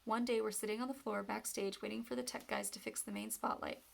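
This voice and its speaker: A woman reading a novel aloud in steady first-person storytelling. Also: medium pitch, brisk, creaky. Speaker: reader.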